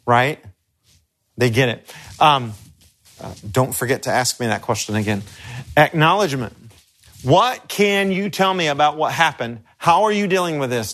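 A middle-aged man, a pastor, teaching crisis care in an earnest, halting, conversational way with personal stories. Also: on the high side, a bit bright. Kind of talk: instructional talk with personal stories.

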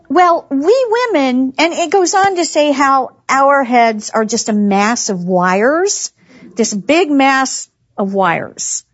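A woman gives a humorous, chatty devotional talk to women, laughing often as she tells stories. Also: high-pitched. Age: 60s. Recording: dull lo-fi recording.

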